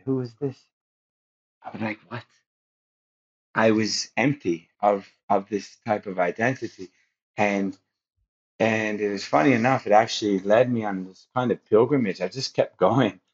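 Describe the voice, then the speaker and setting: Low-voiced man telling a rambling personal story. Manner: rambling, earnest, halting with restarts. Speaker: podcast guest. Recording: dull lo-fi sound.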